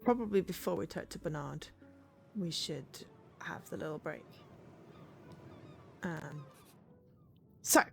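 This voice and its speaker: A woman's voice: low voice, animated, takes it slowly, vocal fry, long pauses, faint music behind. A woman streamer chatting casually and rambling as she plays a game, laughing easily. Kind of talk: casual let's-play commentary.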